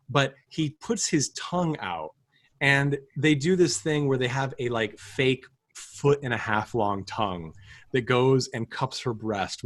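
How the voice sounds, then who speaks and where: A man's voice: mid-range voice, a bit bright, dry recording. A man co-hosting a film podcast, chatting casually about a movie, rambling with lots of fillers and restarts. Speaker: podcast co-host. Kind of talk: casual film review chat.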